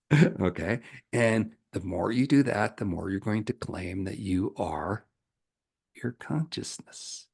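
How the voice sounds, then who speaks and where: A man who is a spiritual coach answering viewer questions, telling stories in an animated way and laughing often. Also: lowish voice, slow, vocal fry, slightly rough. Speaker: ascension coach. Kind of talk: spiritual teaching Q&A.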